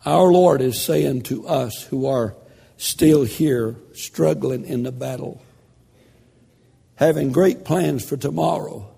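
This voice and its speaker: An older man preaching a sermon, telling a story in a slow, dramatic delivery that drops to a hush. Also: mid-range voice, vocal fry, breathy edge, in a large hall.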